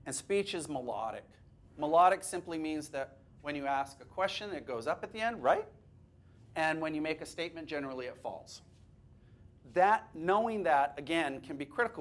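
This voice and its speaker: A man with a fairly high voice leads a workshop for teachers, chatting lively and putting questions to the room. His delivery is loose and conversational, with quick jokes. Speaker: workshop presenter. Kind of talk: teacher training workshop lecture. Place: classroom or workshop room with a live audience.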